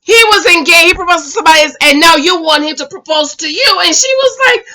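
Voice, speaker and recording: A woman's voice: extremely high pitch, quick pace, hardly any pauses, bright, forceful tone. A woman reviewing a TV show in casual recap commentary, emphatic and sassy. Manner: emphatic, sassy, quotes people dramatically.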